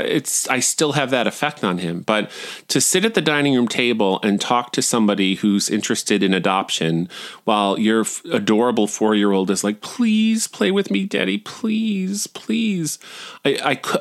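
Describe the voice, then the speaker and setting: A man's voice: on the low side, fairly bright tone. A middle-aged man hosting a podcast, telling rambling, self-deprecating stories in a casual monologue. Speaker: podcast host.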